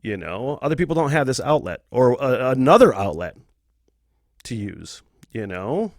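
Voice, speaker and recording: A man's voice: medium pitch, sing-song, moderate pace, darkish tone, no room sound, studio quality. Profane, chatty male podcast host. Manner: profane, rambling, laughs often. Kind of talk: candid casual monologue.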